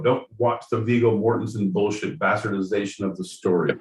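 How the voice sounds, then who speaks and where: A man's voice: on the low side, normal speed, a little mellow. Rowdy profane man, far from the mic. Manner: rowdy, profane, riffing with mock voices. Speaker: podcast co-host. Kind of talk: casual chat. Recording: roomy sound from off-mic.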